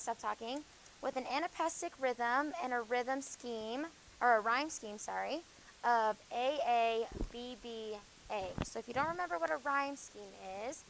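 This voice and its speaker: A woman teaching a high school English class. She explains with many fillers and self-corrections and keeps hushing her students. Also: slight background noise, rough recording. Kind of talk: classroom lecture.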